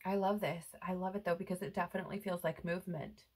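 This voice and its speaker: A woman's voice: fairly low pitch, steady tone, fast talker, slightly rough, low-quality recording. A woman giving a spiritual tarot reading to her viewers, earnest and reassuring, often checking in with "right?". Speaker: tarot reader. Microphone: headphones on, close mic.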